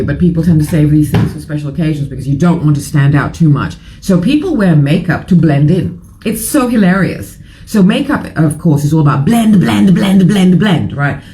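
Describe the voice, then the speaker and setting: A woman's voice: sits low, noisy background. A middle-aged woman hosting a casual morning chat show, rambling and frank, a little tired. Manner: chatty, rambling, frank and irreverent. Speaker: live show host.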